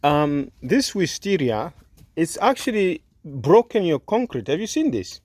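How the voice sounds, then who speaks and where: Man, vlog host, chatty and questioning, slightly high voice, dry sound, outdoors. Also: big pitch swings, unhurried, darkish tone, no echo. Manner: chatty, asks lots of questions. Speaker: video host helping with gardening. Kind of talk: casual vlog chat. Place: outdoors in a sunny garden.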